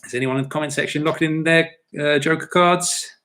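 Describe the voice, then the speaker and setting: A man's voice: a little high, steady tone, fairly quick, a bit bright. A man hosting a live-streamed pub quiz, chatty and upbeat, talking straight to his viewers and reading the quotes out plainly. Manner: reads quotes out plainly without doing voices.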